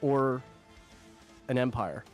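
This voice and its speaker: Young man, casual streaming chat, rambling with fillers, mid-pitched voice, faint music behind. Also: slow pace, darkish tone. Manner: rambling, filler-heavy, laughs often. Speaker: streamer host.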